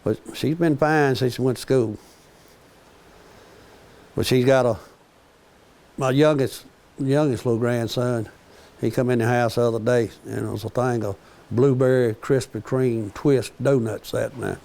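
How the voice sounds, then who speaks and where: Older man, gravelly, folksy rambling storyteller, jokes through his tales. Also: medium pitch, fairly even intonation, measured pace, pauses often, darkish tone. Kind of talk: casual storytelling.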